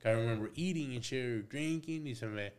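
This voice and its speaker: A man's voice: mid-range voice, quick pace, darkish tone. Brief: tattoo artist man, podcast guest, swears freely, slips into Spanish slang, plays out old dialogue. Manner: profane, slangy, mixes in Spanish phrases; acts out both sides of past conversations. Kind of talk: casual podcast storytelling.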